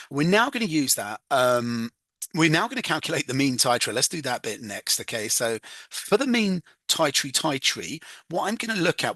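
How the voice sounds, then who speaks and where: A man's voice: mid-range voice, pushed and bright, husky, no echo. Chatty man tutoring chemistry. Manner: chatty, self-mocking, hums "da da" while working. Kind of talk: casual exam walkthrough.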